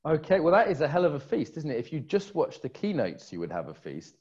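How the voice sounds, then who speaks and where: A man's voice: on the high side, wildly swooping pitch, fast talker, darkish tone, slightly rough, lo-fi sound. A man co-hosting a live online conference stream, chatty and jokey. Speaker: conference co-host. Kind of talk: casual live-stream chat.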